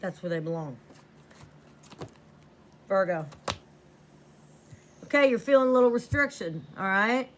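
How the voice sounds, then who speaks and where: A woman's voice: mid-range voice, expressive, a little slow, long pauses, fairly bright tone, slight background noise. A woman giving a tarot reading to camera, blunt and profane, repeating lines for emphasis. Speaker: tarot reader.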